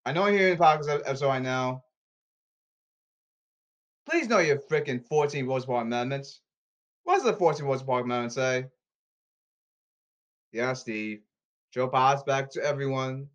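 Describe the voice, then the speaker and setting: A man hosting a solo podcast, ranting with exasperation and repeating himself, his pitch leaping and his loudness swinging. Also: moderate pace, long pauses, dull audio. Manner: animated, erratic pitch leaps and volume swings. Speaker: podcast host.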